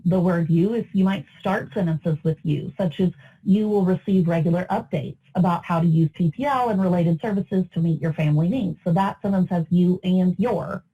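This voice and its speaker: Woman instructor chatting through a webinar, keeps asking the audience stuff, bit raspy. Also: mid-range voice, dull audio. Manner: conversational teaching, asks the audience questions. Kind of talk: recorded webinar lecture.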